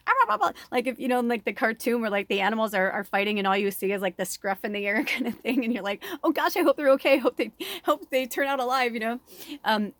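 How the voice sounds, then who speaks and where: Middle-aged female medium, animated, frank, laughs a lot; mid pitch, dry room. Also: no room sound. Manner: candid, swears freely, laughs often, animated. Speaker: spiritual medium and oracle reader. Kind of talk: rambling personal chat.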